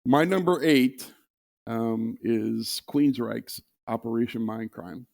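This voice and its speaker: Gravelly guy on a podcast, keeps restarting, laughs a lot, mid pitch. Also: takes it slowly, a little mellow. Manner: hesitant, repeating words, laughing easily. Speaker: podcast guest. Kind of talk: casual chat.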